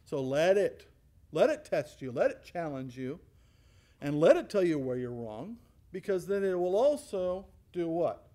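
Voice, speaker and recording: A man with a voice on the high side leads a Bible study at a measured pace. Lively throughout, he asks the group questions and answers them himself, performs the voices in quotes, and laughs a lot.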